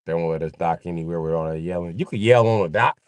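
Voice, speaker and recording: A man's voice: low-pitched, quick pace, smooth, dry recording. A man rambling casually and joking on a livestream, swearing freely and laughing often.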